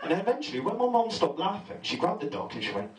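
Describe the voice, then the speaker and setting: Crude stand-up in a pub. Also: male voice, high voice, huge pitch swings, fast talker. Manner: crude storytelling, acts out other voices. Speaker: stand-up comedian. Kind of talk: first-time stand-up set. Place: pub comedy night. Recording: echoey, noisy amateur pub recording from far off.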